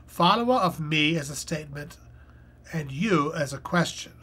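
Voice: mid-range voice, lively intonation, moderate pace, sharp tone, slightly rough. A live-stream host chatting casually and reading puzzle clues aloud as they think, with lots of fillers. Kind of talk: casual live-stream commentary while solving a crossword.

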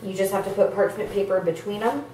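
A woman's voice: mid-range voice, fast talker, a little mellow, slight background noise. A woman casually explaining cooking steps in a practical, matter-of-fact way. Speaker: home cook explaining the recipe. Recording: very echoey, distant from the mic.

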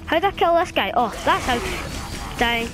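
A woman's voice: sits high, lively intonation, normal speed. A woman giving casual running commentary while playing a video game, chatting and chanting commands at the screen. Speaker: gaming channel host. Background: game music.

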